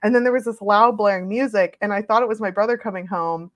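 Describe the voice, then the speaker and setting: A woman's voice: medium pitch, fast. A young woman tells a long, rambling story as a guest on a casual live stream. She laughs often as she talks, trailing off and circling back to her point. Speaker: guest, podcaster and author.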